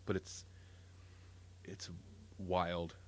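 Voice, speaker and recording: A man's voice: deep voice, little pitch movement, extremely slow. A man hosting a casual podcast chat, rambling and enthusiastic, often correcting himself mid-sentence. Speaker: podcast host.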